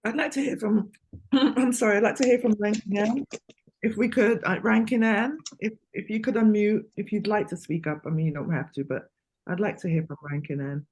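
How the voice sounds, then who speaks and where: A woman's voice: medium pitch, moderate pace, darkish tone, slight background noise. A woman host moderating a podcast panel on a video call, making polite, hedging requests to panelists. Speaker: show host.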